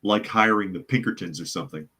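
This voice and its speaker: Deep-voiced man doing sardonic news talk. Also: quick pace, sharp tone, husky. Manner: sardonic, reads news and chat comments aloud. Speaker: podcast host. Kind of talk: live news commentary podcast reading chat.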